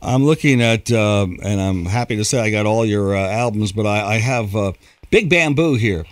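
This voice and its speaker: A man's voice: on the low side, normal speed, no room sound. A man hosting a radio interview show, asking questions in a friendly, fan-like way.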